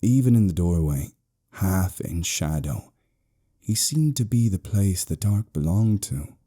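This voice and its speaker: A British man narrating a horror story slowly, in a hushed tone. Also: low voice, lively intonation.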